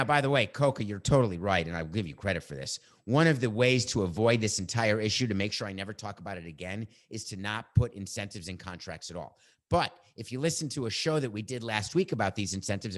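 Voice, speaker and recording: Speaking in a lowish voice, a middle-aged man hosts a sports podcast, arguing his views in a feisty, lively way and joking back and forth with his producer.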